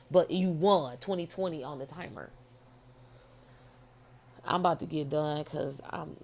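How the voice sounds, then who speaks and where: Low gravelly-voiced woman telling a story. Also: darkish tone. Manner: rambling, profane, blunt. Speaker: vlogger. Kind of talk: casual storytelling monologue.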